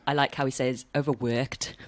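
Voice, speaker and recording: A man's voice: fairly high pitch, sing-song, fairly quick. A man hosting a podcast, chatting casually with a guest in a friendly, giggly, playful way. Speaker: podcast host. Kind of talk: casual conversational interview.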